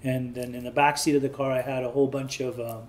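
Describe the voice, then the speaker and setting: In an interview, this man in his thirties from Southern California shares his story plainly and candidly, performing the voices of people he quotes. His mid-range voice stays level and the pace is quick.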